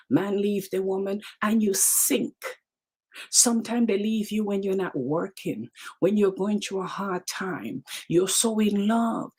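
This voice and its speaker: On the low side, mellow and slightly rough, this woman's voice carries a Caribbean English accent from the islands. She's hosting a live motivational talk, speaking directly to her viewers with emphasis and plenty of repeated phrases.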